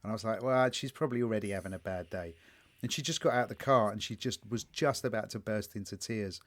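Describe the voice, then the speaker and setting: A man's voice: lowish voice, fast. A man, a young adult, co-hosting a podcast in casual chat, swearing and telling stories with mock quotes. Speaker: podcast co-host.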